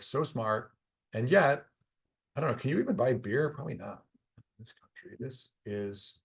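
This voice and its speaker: A man's voice: medium pitch, gravelly, husky. A tired middle-aged man muttering to himself as he solves a puzzle on a live stream, teasing the puzzle's setter. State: tired, yawning. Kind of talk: casual live-stream commentary while solving.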